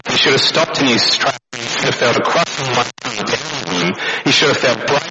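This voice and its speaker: A man's voice: medium pitch, fairly quick, hardly any pauses. A man preaching a sermon, telling it as a story and firing off rhetorical questions. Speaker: pastor. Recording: dull lo-fi recording with noise.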